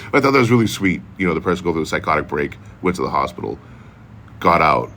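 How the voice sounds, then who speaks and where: A man's voice: very deep voice, fairly bright tone, slight background noise. A man who travels for social media, telling a long story in a loose, rambling, profane way, acting out what others said. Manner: loose, profane, rambling with many "you know"s. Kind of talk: casual storytelling.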